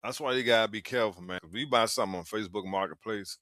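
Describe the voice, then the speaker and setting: A man's voice: lowish voice, rapid-fire, sharp tone, dry recording, studio quality. Man reacting with short exclamations. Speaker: host reacting to clips. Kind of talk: casual reaction commentary.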